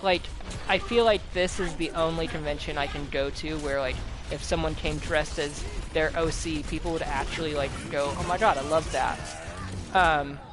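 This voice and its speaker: Animated young man telling stories over loud music. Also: on the high side, moderate pace, rough recording. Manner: animated storyteller, swears often, acts out quotes. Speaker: host. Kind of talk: casual chat while gaming. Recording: game music playing loudly behind.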